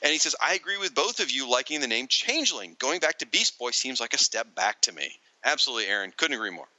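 A man's voice: medium pitch, fast, dry recording, low-quality recording. A man co-hosting a casual podcast, reading listener comments aloud with frequent laughter. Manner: animated, laughs often, reads comments aloud. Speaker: podcast co-host.

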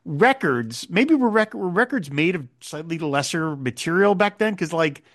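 A podcast co-host with a voice on the high side casually recaps a TV episode at normal speed, animatedly retelling it and acting out quoted lines in character. The recording is studio quality with no room sound.

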